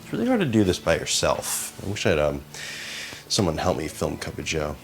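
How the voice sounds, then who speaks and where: This young man's gravelly bass voice swoops wildly in pitch as he talks briskly to himself. Setting up lights and cameras in a small apartment used as a studio, the podcast co-host keeps up a chatty, self-mocking mutter for his casual behind-the-scenes vlog.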